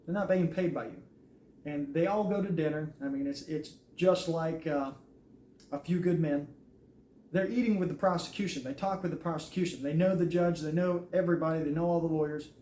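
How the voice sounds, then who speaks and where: A man's voice: fairly high pitch, a little fast, mellow. A man, an army veteran, telling his own story in a casual, earnest way and acting out what others said. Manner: earnest, recounts events with quoted dialogue. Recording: echoey room with faint noise.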